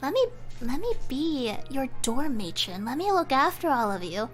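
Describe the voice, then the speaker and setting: A young woman streaming and chatting casually, rambling and animated, with frequent laughter. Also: sits high, normal speed, soft background music. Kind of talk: casual chat.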